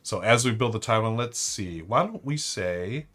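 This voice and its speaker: A man's voice: on the low side, expressive, normal speed, a bit bright. A man hosting a live-stream trivia board game, chatting upbeat and thinking aloud to his viewers.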